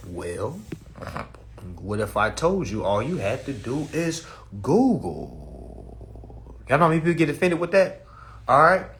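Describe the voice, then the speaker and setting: A man hosting a phone livestream in a loose, preachy way. His pitch swings all over as he builds his points, and he drops curses and laughs at his own jokes. His voice sits at a middle pitch. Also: very animated, a little slow, long pauses, a bit bright, a little hiss or hum. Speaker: livestream host. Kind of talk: casual livestream talk.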